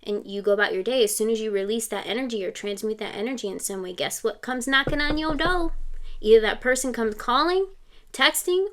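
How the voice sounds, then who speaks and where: A woman with a fairly high voice giving a casual tarot reading. She talks in a chatty, reassuring way and keeps checking in with her listener. She sometimes slips into snatches of song lyrics. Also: a bit bright, a little hiss or hum. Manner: chatty, reassuring, often asks "okay?". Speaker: tarot reader. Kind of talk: casual spiritual reading to camera.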